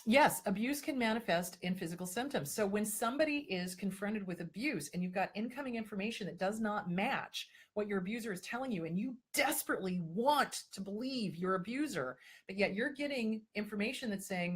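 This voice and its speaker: Husky woman giving emphatic live advice. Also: medium pitch, lively intonation, brisk, hardly any pauses. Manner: emphatic and repetitive, slipping into mocking voices to act out others. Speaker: host answering viewer questions. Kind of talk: live-stream advice talk.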